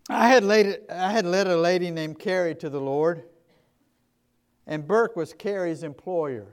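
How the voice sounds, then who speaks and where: A male pastor with a Southern US accent telling stories in a sermon, earnest and emphatic, moving between quiet and loud passages. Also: high-pitched, a little slow, clean tone. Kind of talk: sermon storytelling.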